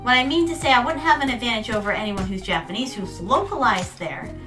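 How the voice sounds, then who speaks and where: A woman's voice: a little high, animated, fairly quick, distant mic, music in the background. A woman VTuber chatting casually while gaming, telling stories and calling her viewers "my darlings". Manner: storytelling, calls viewers "my darlings". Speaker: VTuber streamer.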